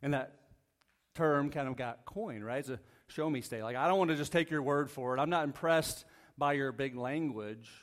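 In a church sanctuary, a pastor with a mid-range voice delivers a conversational sermon at a moderate pace. He reads Bible verses, keeps checking in with the congregation by asking "right?", and jokes lightly in a casual way.

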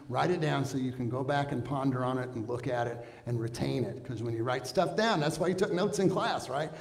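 A man preaching with a fairly high voice, earnest and conversational, tossing out questions to his listeners. His voice rings through a church hall with a long, echoing reverb. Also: a little mellow. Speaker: pastor. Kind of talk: sermon.

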